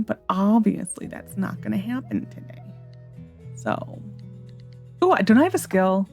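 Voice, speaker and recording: A woman's voice: mid-range voice, wildly swooping pitch, unhurried, pauses often, darkish tone, soft background music. A woman hosting a gaming channel, chatting casually and thinking aloud as she plays. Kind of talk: casual let's-play commentary.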